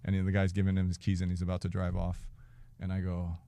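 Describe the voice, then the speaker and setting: Low-pitched and creaky, this man in his forties talks fast in a clean studio with no echo. As a podcast guest he tells a lively, foul-mouthed story in casual conversation, laughing often and voicing the quotes.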